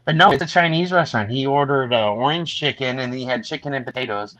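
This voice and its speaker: A man's voice: medium pitch, fast, fairly bright tone, no room sound, poor audio. Chatty man telling a rambling story. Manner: rambling storyteller, acts out quoted friends. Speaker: host. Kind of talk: casual live-stream chat.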